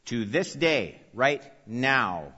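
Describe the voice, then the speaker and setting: Bright-voiced man preaching in a reverberant hall. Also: mid-range voice, sing-song, very slow. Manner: emphatic, repeats key phrases, questions the audience. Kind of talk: expository sermon. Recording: long reverb, dull lo-fi sound.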